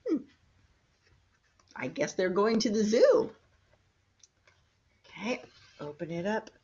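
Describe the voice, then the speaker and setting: With a mid-range voice on a recording whose highs are cut off, a grandmother reads a picture book aloud to her small grandchildren. She coaxes them in a sing-song way.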